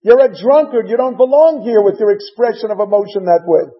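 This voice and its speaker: A man's voice: high voice, brisk, highs cut off, natural voice. A man playing a stern, judgmental male priest who scolds and accuses a woman of being drunk. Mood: scolding.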